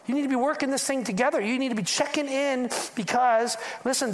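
Conversational pastor preaching a sermon. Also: male voice, very high voice. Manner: conversational, asks the congregation questions. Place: church in front of a congregation.

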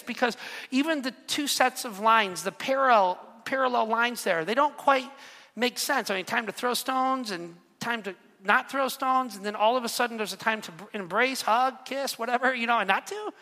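A pastor preaching a lively sermon, firing questions at the congregation and slipping in joking asides. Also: medium pitch. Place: church sanctuary. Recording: long reverb of a large hall.

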